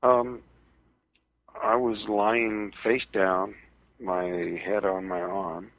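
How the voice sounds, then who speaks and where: This male radio guest speaks by phone, the line sounding tinny, recounting his ordeal in a hesitant, halting way. His voice is lowish and his tone steady, with no echo.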